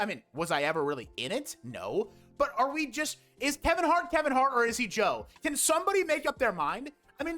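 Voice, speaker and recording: A man's voice: sits high, fairly bright tone. A young man giving a casual, exasperated movie review, sarcastic and swearing often.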